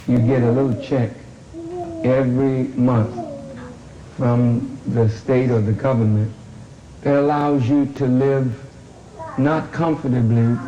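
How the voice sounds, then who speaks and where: An older man telling his grandchildren a family story in a deliberate way, pausing often with fillers. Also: medium pitch, mellow. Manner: deliberate, with long pauses and fillers. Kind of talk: slow storytelling. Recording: dull, roomy recording with faint hum.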